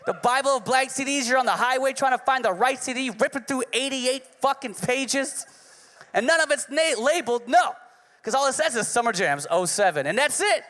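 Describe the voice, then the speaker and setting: Very high-pitched and animated, this thirty-something comic speaks at a moderate pace with a somewhat bright tone. He delivers a brash, foul-mouthed, punchy stand-up set onstage at a club, recorded with live hall reverb.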